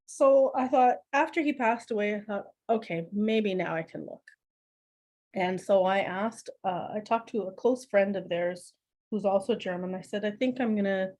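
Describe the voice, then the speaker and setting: A middle-aged woman, a podcast guest telling family stories in a lively, laughing, conversational way. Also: medium pitch. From Canada. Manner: laughs often, animated anecdotes with acted quotes. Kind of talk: conversational storytelling.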